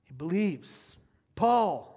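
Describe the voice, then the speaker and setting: A middle-aged man preaching a sermon as pastor, emphatic, repeating key phrases and swinging from quiet asides to loud cheering. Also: high-pitched, big pitch swings, extremely slow, husky. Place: church sanctuary. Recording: long hall reverb.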